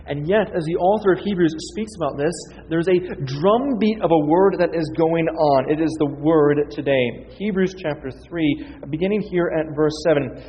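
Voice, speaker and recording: A man's voice: a little high, a little mellow, slight background noise. A man preaching a teaching sermon, reading scripture aloud with emphasis. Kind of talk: expository sermon. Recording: dull, reverberant hall sound.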